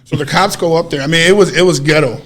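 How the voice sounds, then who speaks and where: A man co-hosting a podcast, casually telling a story in an animated way, swearing freely and acting out what people said. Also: on the high side, fast talker. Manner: animated, swears freely, acts out quoted dialogue. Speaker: podcast co-host.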